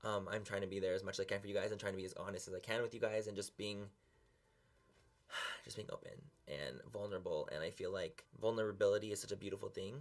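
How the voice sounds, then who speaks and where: A man's voice: on the low side, fairly even intonation, quick pace. A young man talking earnestly and emotionally to camera in a confessional vlog, close to tears and swearing casually. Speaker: beauty vlogger.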